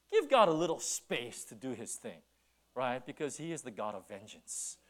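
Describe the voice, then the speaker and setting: A middle-aged man preaching a sermon as pastor, telling stories with many restarts and then slowing down to stress his points. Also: medium pitch. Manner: animated storytelling with many restarts, then slow emphatic preaching.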